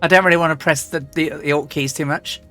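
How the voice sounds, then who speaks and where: A woman streamer chatting casually and rambling as she flies a simulator, often restarting and clearing her throat. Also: low-pitched, steady tone, quick pace, a bit bright, faint music behind. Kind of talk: casual live-stream chat while flying a flight simulator.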